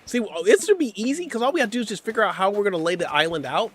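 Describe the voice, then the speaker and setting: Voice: mid-range voice, lively intonation, racing. A streamer giving casual live-stream gameplay commentary, playful and slangy, often laughing and teasing the chat. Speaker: game streamer.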